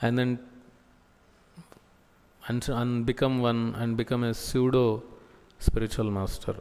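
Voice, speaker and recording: A man delivers a sermon-style scripture class in a slow, measured way. He halts often, pausing to search for words. His mid-pitched voice carries a long echo from a temple hall. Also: little pitch movement, a little mellow, smooth. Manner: slow, halting delivery with many pauses and fillers. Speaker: preacher giving scripture class.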